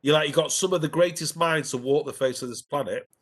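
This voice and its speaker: A man's voice: on the high side, fast talker, fairly bright tone. A man co-hosting a casual live-stream chat, hesitant with many fillers and false starts. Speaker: podcast co-host.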